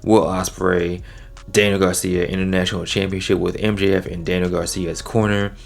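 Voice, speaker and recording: Man, deep voice, casual wrestling review, slangy, animated. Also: moderate pace, creaky. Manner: laid-back slangy talk, animated swings in pitch. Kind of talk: casual solo review recap.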